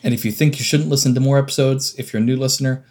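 A man co-hosting a podcast in casual chat, enthusiastic and excitable. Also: mid-range voice, racing. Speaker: podcast co-host.

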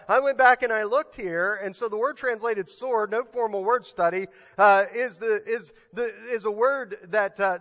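A man's voice: high-pitched, fairly bright tone, in a large hall, muffled recording. A male pastor preaching a sermon in a conversational, emphatic way, often restarting his sentences.

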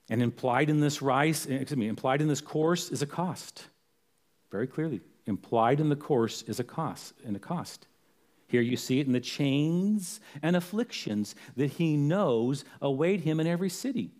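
A man's voice: medium pitch, expressive, normal speed, a little mellow. A man preaching a sermon as a pastor, earnest, repeating phrases for emphasis.

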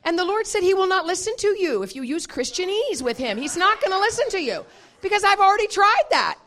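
A woman minister preaching a sermon, telling a personal story in an animated way and laughing often. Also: extremely high pitch, a little fast, slight background noise.

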